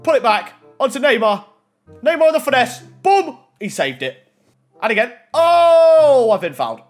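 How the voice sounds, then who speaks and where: An excitable young man narrates his football game as he plays, pleading with the screen and chatting to his viewers. His voice sits high and swings up and down a lot. Soft game music plays underneath. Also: a little fast, slightly rough. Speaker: gaming YouTuber. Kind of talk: gameplay commentary.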